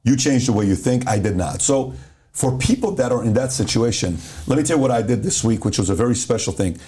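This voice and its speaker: A man's voice: mid-range voice, expressive, quick pace, mellow. A middle-aged man from Iran, hosting a casual chat and telling a story with acted-out quotes. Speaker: host.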